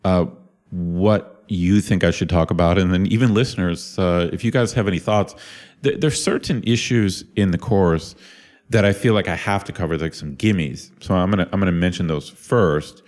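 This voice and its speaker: Deep-voiced man, halting podcast chat. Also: darkish tone. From Ohio, USA. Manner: thoughtful, many restarts and stammered repeats. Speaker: podcast co-host and university lecturer.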